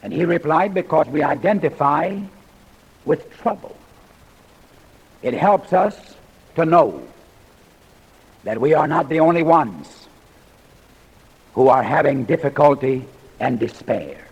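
A man in his sixties preaching a sermon in a folksy, humorous way with dramatic pauses. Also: a little high, lively intonation, creaky, slightly rough, muffled recording. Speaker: pastor. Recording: reverberant hall recording.

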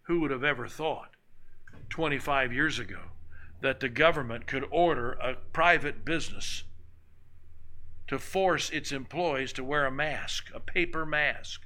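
A man's voice: medium pitch, measured pace, sharp tone, rough recording. A man preaching a sermon in a church, speaking conversationally with anecdotes and repeated phrases. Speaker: pastor. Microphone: microphone on a stand.

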